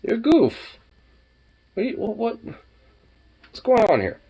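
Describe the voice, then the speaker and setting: Dog owner, playful teasing baby talk, casual chat to a pet, slow drawn-out delivery, wildly swooping pitch. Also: wildly swooping pitch, warm tone, slightly rough, low-quality recording.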